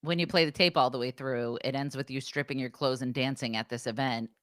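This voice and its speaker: A woman's voice: extremely low pitch, fairly even intonation, a little fast, a bit bright, no room sound, studio quality. A woman co-hosting a casual chat, listening and adding short quips. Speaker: podcast co-host.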